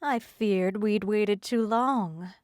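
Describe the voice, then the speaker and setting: A woman voicing a sinister, predatory mermaid with a rolling accent, speaking slowly and with a purring menace. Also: mid-range voice, darkish tone, dry recording, studio quality, close to an everyday voice. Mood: menacing. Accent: rolling foreign-sounding lilt.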